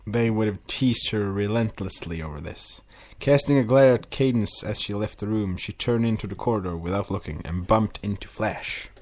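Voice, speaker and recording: A man hosting a podcast, reading a fan story aloud with lively delivery and casual asides. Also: fairly low pitch, moderate pace, hardly any pauses.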